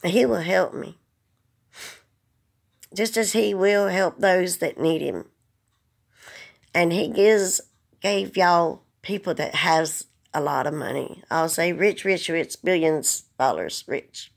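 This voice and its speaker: Lady, deep gravelly voice, slow and pleading, trying not to cry. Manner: earnest, pleading, plain-spoken. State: holding back tears. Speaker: vlogger. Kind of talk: emotional direct-to-camera message.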